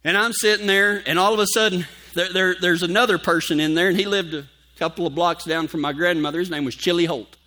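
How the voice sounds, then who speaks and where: A man preaching a sermon, telling a folksy personal story and dropping to a hushed tone for scripture. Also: high voice, fairly even intonation, quick pace, hardly any pauses. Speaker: pastor.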